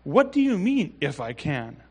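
A man's voice: on the high side, big pitch swings, a little slow, darkish tone, slightly rough, exaggerated voice. A man voicing Jesus as exasperated and incredulous, scolding small thinkers with rising emphasis.

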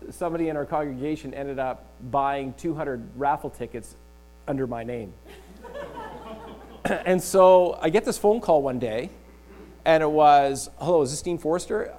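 A middle-aged man, a pastor preaching a sermon, telling a funny story with frequent laughs. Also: medium pitch. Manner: animated storyteller, often laughing.

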